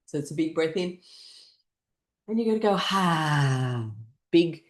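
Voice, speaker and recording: A laughter class leader in a mid-pitched voice, calmly talking listeners through a morning laughter routine. Each step is spelled out gently, with an open invitation to copy along. Soft fillers slip in here and there as the instructions unfold. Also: brisk. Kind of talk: guided laughter exercise class.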